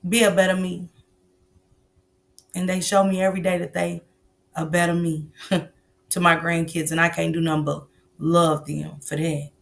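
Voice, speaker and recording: A woman's voice: deep voice, flat delivery, normal speed, creaky. A middle-aged woman hosting a livestream, lecturing bluntly and profanely about parenting in a casual, preachy way. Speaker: livestream host.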